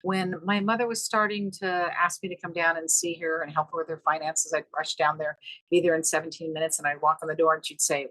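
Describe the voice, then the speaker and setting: Middle-aged woman, podcast guest, low voice, dry, animated storyteller. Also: fairly quick, dry recording, low-quality recording. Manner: animated, acts out quoted dialogue with pitch leaps. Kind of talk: emotional storytelling in conversation.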